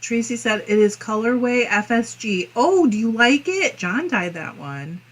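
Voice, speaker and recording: A woman's voice: on the high side, animated, a little slow. Giggly woman reading out live chat. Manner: giggly, often laughing and coughing between comments. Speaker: fiber arts channel host. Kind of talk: casual livestream chat, reading viewer comments aloud.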